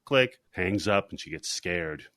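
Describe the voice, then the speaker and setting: Lively, bright-voiced man recapping a movie. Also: sits low, unhurried, dry recording, studio quality. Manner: joking, laughing often. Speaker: podcast host. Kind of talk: casual chat, recapping a movie.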